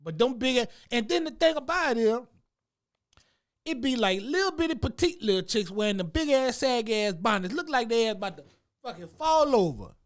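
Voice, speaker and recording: A man, a comedy show host, delivering a profane, animated comic rant about what he has seen around town. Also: extremely high pitch, brisk.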